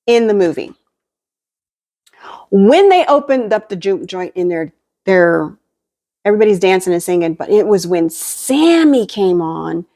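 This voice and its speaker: A woman's voice: mid-range voice, a little mellow. A woman hosting a home cooking vlog, chatting casually and rambling with lots of fillers, often backing up to correct herself. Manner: rambling, filler-heavy, backtracks and self-corrects. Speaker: cooking vlogger. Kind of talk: casual film recap while cooking.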